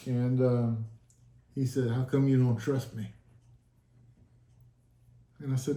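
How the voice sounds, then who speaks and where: A man's voice: medium pitch, fairly even intonation, a little slow, pauses often, dark tone. A man telling his testimony in a casual sit-down talk, earnest and emotional, acting out the dialogue he recalls. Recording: echoey room.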